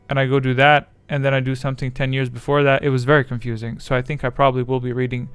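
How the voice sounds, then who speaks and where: A man's voice: medium pitch, little pitch movement, racing, hardly any pauses, smooth, no room sound. A man chatting casually on his livestream, rambling and self-deprecating as his thoughts wander. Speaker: streamer.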